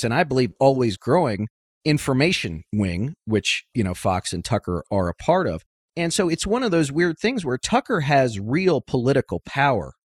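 A man's voice: mid-range voice, no room sound, clean studio sound. A man hosting a podcast interview, asking long, winding questions with asides. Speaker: podcast host.

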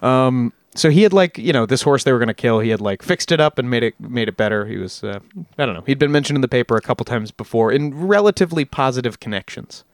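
A man's voice: medium pitch, lively intonation, quick pace, no echo, studio quality. A man hosting a podcast, telling a story in a casual, rambling way with jokey asides and frequent self-corrections. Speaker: podcast host.

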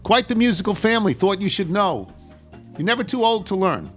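A man's voice: sits high, very animated, brisk, soft background music. An older man hosting a radio talk show, chatting loosely and reading listener emails aloud with chuckles. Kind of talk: casual radio chat.

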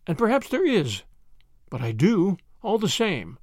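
A man reading a storybook aloud, voicing a fussy, anxious old grandmother on a train who speaks in a high, quavering, excitable way. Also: a little slow, no room sound, clean studio sound, full character voice. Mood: wistful.

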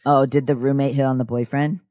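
A woman's voice: extremely low pitch, level tone, a little fast, dark tone, no room sound. A young woman co-hosting a podcast in casual chat, wry and playfully mischievous. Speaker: podcast co-host.

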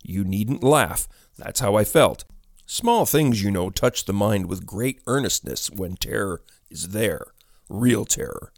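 A man narrating a ghost story in a measured storytelling delivery. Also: fairly low pitch, expressive, vocal fry, dry recording, studio quality.

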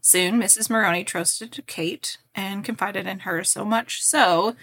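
Animated woman podcast host from Kentucky. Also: medium pitch, measured pace, hardly any pauses. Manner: animated, laughs often. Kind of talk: reading a history story with casual chat.

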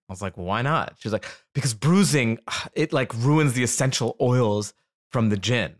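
A man's voice: medium pitch, normal speed. A man in casual comedic conversation, telling stories with lots of profanity and swings of energy. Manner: animated storytelling with profanity.

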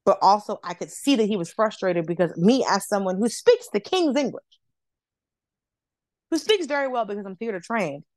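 Comedian woman from Atlanta, mid-pitched, swears freely, dry close mic. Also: normal speed, no room sound. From Atlanta, United States. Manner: animated, profane, acts out voices of others. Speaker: comedian guest. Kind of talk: casual storytelling.

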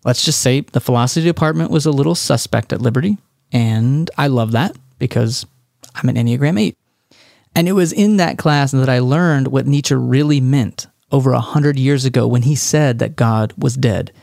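A man's voice: medium pitch, normal speed, creaky, darkish tone, no echo, studio quality. Wry male podcast host. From Texas. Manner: conversational, wry. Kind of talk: podcast monologue.

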